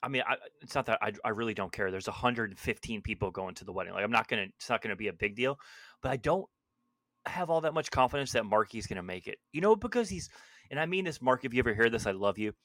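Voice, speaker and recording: A young man in easy podcast banter, his stories loose and padded with fillers. His voice has a bright edge. The sound is dry and close-miked. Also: mid-range voice, lively intonation, quick pace, no room sound. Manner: easygoing, laughing storyteller with many fillers. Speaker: podcast co-host. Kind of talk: casual chat.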